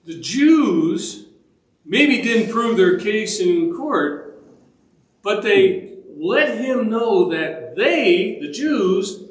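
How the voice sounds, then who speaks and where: Slow-talking, high-voiced Bible study teacher. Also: male voice, reverberant, rough recording. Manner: asks the group questions, checks in with "all right?"; conversational, with restarts and fillers. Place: church meeting room.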